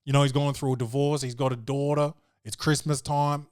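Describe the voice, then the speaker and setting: A male podcast host in casual chat, with a voice pitched in the middle range. He talks in a rambling, profane, animated way. The recording is close and dry, with no room sound. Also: a little fast, no room sound.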